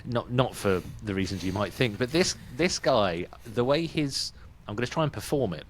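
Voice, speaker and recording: Lively British man hosting a podcast. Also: mid-range voice, moderate pace, a little hiss or hum. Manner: chatty and laughing. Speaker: podcast host. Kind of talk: casual chat.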